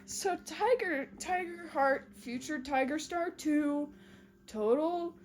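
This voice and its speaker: A woman in casual podcast chat, recapping a book plot, giggling often and acting out quick character voices. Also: sits high, expressive, faint music behind. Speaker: podcast co-host.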